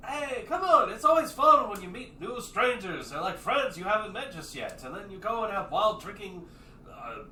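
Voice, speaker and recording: A man voicing a brash, carefree young drifter who loves to party, loud and excitable. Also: high voice, normal speed, roomy sound, voice pushed up, heavily acted. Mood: cocky, easygoing. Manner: loud, excitable, talks over himself.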